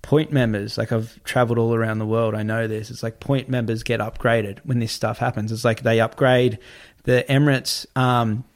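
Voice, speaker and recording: A man, a podcast guest telling a story in a casual, animated way, often swearing and repeating himself. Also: mid-range voice, moderate pace. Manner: animated, repetitive, swears freely.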